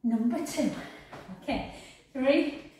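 A woman's voice: high voice, expressive, slow, mellow, far from the mic, slight background noise. A woman leading a workout class, counting out reps and giving cues in an encouraging way. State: out of breath at times. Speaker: fitness instructor. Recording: echoey room, voice from off the mic.

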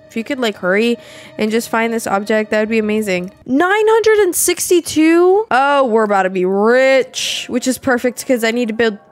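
A young adult woman giving casual gameplay commentary, chatty and exclamatory, swearing and laughing often. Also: mid-range voice. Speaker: gameplay video creator.

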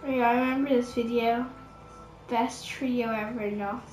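This gamer's voice is a little high, steady, and darkish, at a moderate pace with slight background noise. She gives exasperated, rambling game commentary full of fillers, with game music echoing through a roomy recording.

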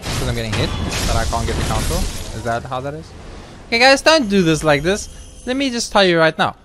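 A man's voice: fairly high pitch, animated, brisk. A young man commenting on his own gameplay, swearing heavily and ranting at the game. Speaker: let's play gamer. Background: game music.

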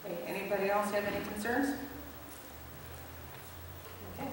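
A woman leading the church service, brisk and practical, calling on people and announcing the hymn. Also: mid-range voice, gravelly. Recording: echoey church hall, distant mic, loud noise.

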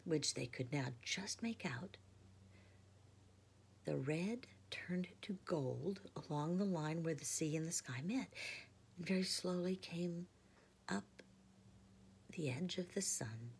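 A woman teacher reading a storybook aloud in a soft, hushed, half-whispered way. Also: lowish voice, expressive, slow pace, pauses often, slight background noise.

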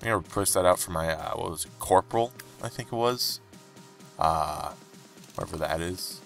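Young guy opening game cases on stream, lowish voice, faint music behind, grumbles and begs the game. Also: normal speed, gravelly, a bit bright. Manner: frustrated, pleading, swings into high-pitched outbursts. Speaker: gaming YouTuber. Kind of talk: game case-opening commentary.

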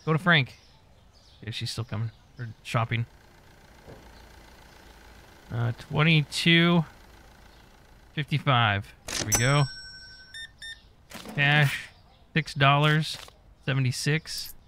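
A man's voice: medium pitch, slow pace, pauses often, pushed and bright, slight background noise. A man giving casual gameplay commentary, muttering to himself as he goes and swearing often. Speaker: gaming YouTuber.

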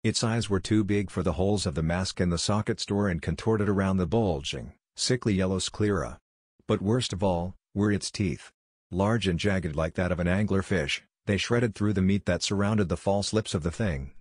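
Deep-voiced man narrating a horror story. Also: darkish tone, husky, no echo, studio quality.

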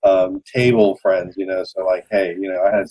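A man hosting a podcast, telling a rambling story in a mellow, dark voice. He pads his anecdote with fillers as he chats casually. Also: low-pitched, flat delivery, moderate pace, poor audio. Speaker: podcast host.

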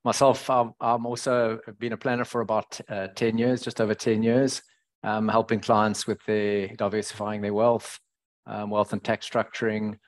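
A man with a South African accent hosting an online finance webinar, talking haltingly with many fillers and restarts. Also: lowish voice, little pitch movement. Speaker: webinar host and financial planner. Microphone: headset.

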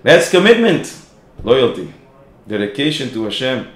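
A man, a rabbi, giving a sermon told through lively stories, acting out the people in them. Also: medium pitch, unhurried, echoey room, slight background noise. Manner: animated storyteller, acts out quoted voices. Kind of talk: sermon with storytelling.

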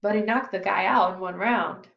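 A woman's voice: medium pitch, fairly even intonation, moderate pace, vocal fry, roomy sound, lo-fi sound, lightly acted. A woman voicing an eager, curious teenage boy who is a boxer, asking many questions.

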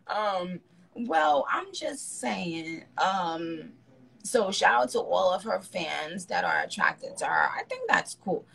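A woman's voice: fairly low pitch, very animated, slow pace, creaky, a bit bright, husky. A woman hosting a phone live stream, chatting casually and teasing her guest in a blunt, profane way.

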